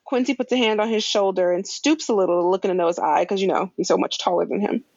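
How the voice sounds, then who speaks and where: A woman talks through a show recap in an easygoing, animated way, dropping slangy asides as she goes. The recording is dry and slightly dull. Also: medium pitch, quick pace, slightly rough, no echo. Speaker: podcast co-host recapping a show. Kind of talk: casual chat.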